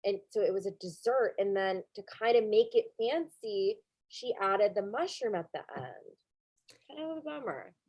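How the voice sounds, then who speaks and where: A woman's voice: medium pitch, expressive, normal speed, darkish tone, dry recording. Rambling woman podcast co-host, dry sound. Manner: rambling, self-correcting, lots of fillers. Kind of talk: casual chat recapping a cooking show.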